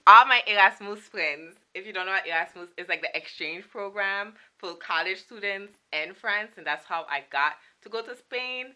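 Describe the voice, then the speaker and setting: A woman's voice: medium pitch, moderate pace, hardly any pauses, bright, forceful tone. A young woman from Saint Martin, chatting casually and playfully with laughing asides as a vlogger showing her souvenir collection. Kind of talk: casual chat.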